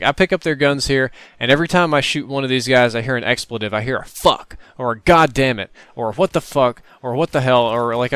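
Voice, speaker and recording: A man's voice: mid-range voice, fairly bright tone, clean tone, no echo. A man from the United States talking casually through his own gameplay footage in a rambling, wry commentary. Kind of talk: recorded gameplay commentary voice-over.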